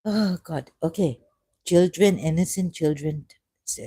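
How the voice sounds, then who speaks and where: Woman with a mellow, rambling voice. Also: low voice, a little slow, long pauses, dry recording. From Pakistan. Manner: digressive, repeats phrases, shifts from soft asides to emphatic raised outbursts. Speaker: ex-Muslim speaker sharing his views. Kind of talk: rambling personal monologue.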